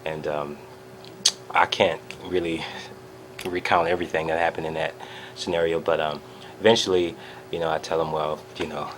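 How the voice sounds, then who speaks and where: A man vlogging an excited personal recap, telling a story with lots of fillers and acting out the quotes. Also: very deep voice, normal speed, pauses often, slight background noise.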